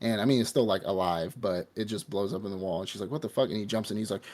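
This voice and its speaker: Guy with a lowish voice rambling thru an anime recap, swears a lot, laid back. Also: steady tone, fast talker, darkish tone. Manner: rambling, profane storytelling with laughs. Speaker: podcast host. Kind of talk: casual anime recap chat.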